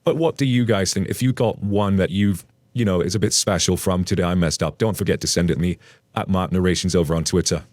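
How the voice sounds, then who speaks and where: A man narrating a story aloud and then chatting casually about it, with an animated, playful storytelling manner. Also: deep voice, a little fast, no room sound.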